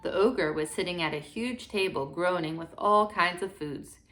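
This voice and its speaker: A woman gently reading a fairy tale aloud to children in a steady storytelling manner. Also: fairly low pitch, moderate pace, soft background music.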